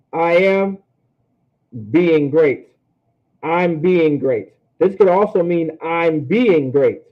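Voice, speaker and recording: A man teaching a class in a casual, conversational way, often checking in with "all right?", with an African American English accent. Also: a little high. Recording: tinny phone-like sound.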